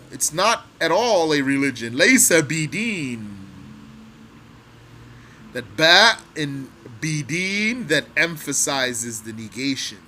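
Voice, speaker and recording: A man's voice: on the high side, pushed and bright. A man teaching a religious text line by line. He reads Arabic phrases, then translates and explains them word by word, often repeating himself. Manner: slow and deliberate, repeating phrases.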